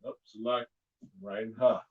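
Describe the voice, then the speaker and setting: A man teaching a live-streamed alphabet lesson, patiently repeating each sound slowly and clearly. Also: on the low side, fairly even intonation, phone-quality sound. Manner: slow, drawn-out pronunciation drills.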